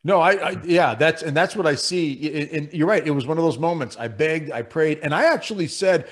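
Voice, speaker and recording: Earnest talk show host, a little high. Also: male voice, fast talker, hardly any pauses. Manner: earnest, storytelling, asks long questions. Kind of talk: hosting a faith talk show.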